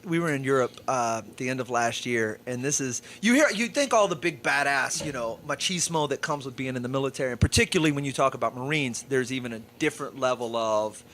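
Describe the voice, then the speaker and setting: A man's voice: medium pitch, expressive, fast talker, hardly any pauses, fairly bright tone, slight background noise. A male comedian and podcast co-host telling a vivid story in casual chat.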